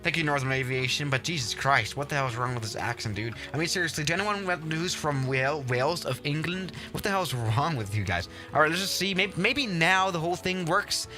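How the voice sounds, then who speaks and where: A male streamer talks through his game in a rambling, exasperated way, cursing mildly as things go wrong. His voice is bright and very animated, swinging widely in pitch. Faint music runs underneath. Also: fairly quick, hardly any pauses. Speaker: livestream host. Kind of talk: casual gameplay commentary.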